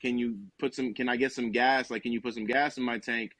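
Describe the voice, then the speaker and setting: A man's voice: mid-range voice, little pitch movement, brisk, fairly bright tone, no room sound. A young man from New Jersey, a podcast co-host, telling a rambling, profane comic story with lots of quoted dialogue. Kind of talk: casual comedic storytelling.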